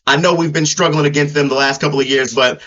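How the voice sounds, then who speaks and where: A man's voice: fairly high pitch, steady tone, fast, fairly bright tone. A man co-hosting a sports podcast, blunt and casual, often restarting his sentences. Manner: blunt, repetitive, stumbling restarts. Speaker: podcast co-host. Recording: dull lo-fi audio.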